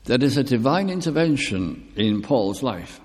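Older male preacher, unhurried and husky, sermon in a reverberant hall. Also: mid-range voice, big pitch swings, a little mellow. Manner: slow, deliberate, drawn-out emphasis. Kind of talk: sermon with personal testimony.

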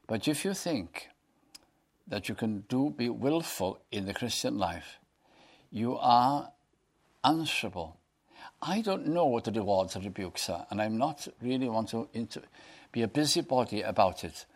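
A man preaching a sermon, reading scripture aloud and putting earnest questions to his listeners. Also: mid-range voice.

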